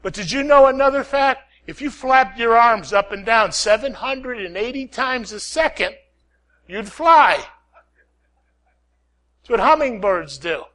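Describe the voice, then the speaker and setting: A man preaching a sermon, swinging from loud calls to hushed prayer, repeating lines and asking "Amen?". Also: very high-pitched, animated, takes it slowly.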